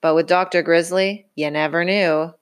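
A woman reading a picture book aloud to a child in an expressive, sing-song way. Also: fairly low pitch, normal speed. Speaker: storybook reader.

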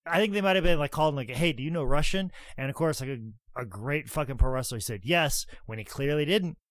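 Man, co-host, fairly high voice, animated storyteller, swears a lot, dry close sound. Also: fast talker, dry recording. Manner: swears a lot, acts out quotes; animated, swings loud and soft. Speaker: podcast co-host, former wrestler. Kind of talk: casual storytelling chat.

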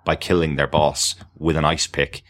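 A man with a very low voice talks on a podcast in an easy, enthusiastic way. He fills his speech with ums and uhs. The sound is dry and close, with no room in it. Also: flat delivery, normal speed, a bit bright, dry recording. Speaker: podcast co-host. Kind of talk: casual podcast chat.

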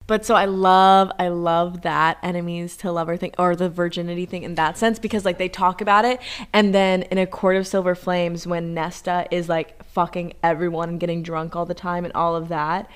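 A young woman on a casual podcast, talking in a slightly low voice. She gushes through book scenes with a steady stream of fillers. She drops to a hush and then bursts out loud. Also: normal speed, clean tone. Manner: gushing retelling of book scenes, many fillers, swings from hushed to loud. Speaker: podcast co-host. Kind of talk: casual chat.

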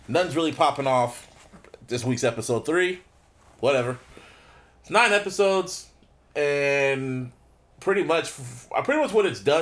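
A man's voice: mid-range voice, a bit bright. A man co-hosting a casual podcast, talking loosely with plenty of swearing and hype. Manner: loose, profane, hyped. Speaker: podcast co-host.

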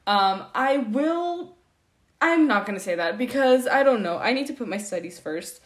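A woman's voice: a little high, expressive, normal speed. A young woman hosting her own podcast, talking casually and nervously, with lots of fillers and restarts. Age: young adult. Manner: rambling, filler-heavy, self-deprecating. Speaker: podcast host. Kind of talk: casual solo podcast update.

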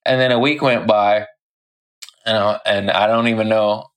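A young adult man, a stand-up comic guesting on a podcast, telling a story casually with lots of swearing and animated delivery. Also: fairly low pitch, moderate pace.

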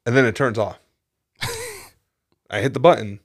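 A young man co-hosting a casual podcast, telling stories with lots of swearing and loud acted-out quotes. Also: on the low side, brisk, pauses often, no echo, clean studio sound. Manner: profane, animated storytelling with loud acted-out quotes. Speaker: podcast co-host. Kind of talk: casual chat.

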